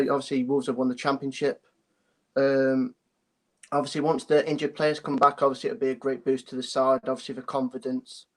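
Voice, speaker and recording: A young man calling in to a phone-in show, talking hesitantly, apologizing often and restarting his sentences. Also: medium pitch. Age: young adult. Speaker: caller. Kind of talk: phone-in chat.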